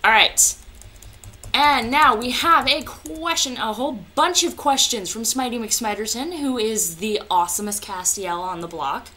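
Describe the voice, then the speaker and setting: A woman's voice: on the high side, measured pace, bright, forceful tone. Hyper, joking young woman vlogger. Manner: hyper, swearing, jokey asides. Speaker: vlogger answering viewer questions. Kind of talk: casual chat.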